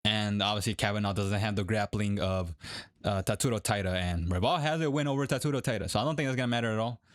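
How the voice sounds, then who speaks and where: A man's voice: lowish voice, fast, no echo, studio quality. A young man casually talking to viewers, rambling and correcting himself with lots of fillers. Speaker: MMA predictions creator. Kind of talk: casual commentary to camera.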